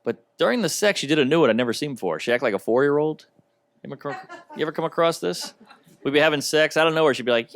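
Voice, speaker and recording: A male stand-up comedian with a wry, deadpan, self-deprecating delivery, doing a comedy set. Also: fairly high pitch, fast talker. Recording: noisy recording of a comedy special.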